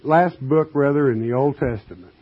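A man preaching a sermon, reading scripture and explaining it with emphatic, folksy questions to his listeners. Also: mid-range voice. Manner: slow, emphatic, asks the congregation questions; folksy asides, addresses listeners as friend. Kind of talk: sermon, Bible exposition. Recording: dull lo-fi recording.

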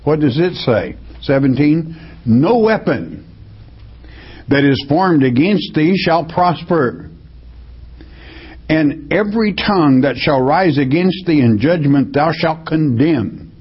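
A man preaching a Bible study, reading verses slowly and then explaining them in plain words. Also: on the high side, lively intonation, slightly rough. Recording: dull lo-fi recording.

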